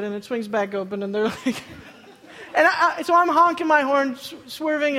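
A man telling a funny personal story to a live audience, excitable, often laughing through his words and repeating himself as he goes. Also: extremely high pitch. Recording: long hall reverb.

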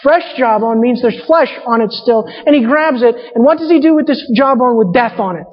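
A woman's voice: on the high side, animated, fairly quick. A woman preaching a sermon, reading scripture and retelling characters in casual paraphrase. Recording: muffled sound in a reverberant hall.

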